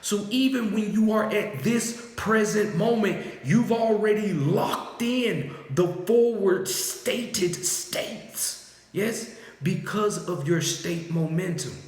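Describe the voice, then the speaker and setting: A man's voice: high voice, slow pace. A man giving a free-flowing spiritual monologue, with loose slangy talk and repeated "yes?" and "right?" tags to his listener. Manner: soothing repeated "calm down". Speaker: spiritual speaker. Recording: very echoey room with long reverb.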